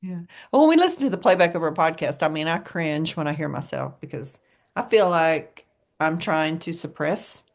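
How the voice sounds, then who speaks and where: A chatty woman with a Southern US drawl co-hosts a podcast. Her voice sits on the lower side, and she tells her stories with plenty of laughter. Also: expressive, moderate pace, gravelly. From American South. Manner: chatty storyteller, laughs often. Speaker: podcast co-host. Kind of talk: casual chat.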